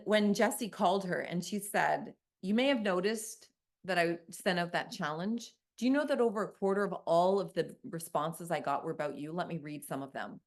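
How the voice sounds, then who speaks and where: A middle-aged woman from Canada giving a conference keynote, telling stories with energy and quizzing her audience. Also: on the low side. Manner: lively storytelling, asks the audience questions. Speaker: keynote speaker. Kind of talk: conference talk.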